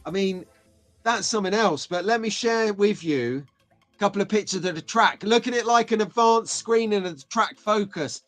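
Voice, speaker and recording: Chatty excitable British host, higher voice. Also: male voice, normal speed, soft background music. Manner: chatty, excitable, greeting viewers by name. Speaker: live stream host. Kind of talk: casual live stream chat.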